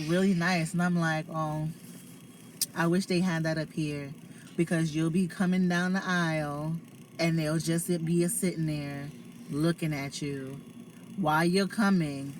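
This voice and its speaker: A woman's voice: sits low, darkish tone, a little hiss or hum. A young woman from New York with a New York accent, chatting casually to viewers on a phone stream from her car. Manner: chatty, talks to viewers and family between stories. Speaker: live streamer. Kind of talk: casual chat. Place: inside a parked car.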